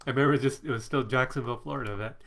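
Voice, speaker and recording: Middle-aged man, stuffy allergy voice, bright tone, chatty live-stream host reading comments. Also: medium pitch, rapid-fire. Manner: chatty, reads out viewer comments, laughs often. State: congested from allergies. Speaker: psychic coach hosting a live stream. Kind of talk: casual live-stream chat. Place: home office.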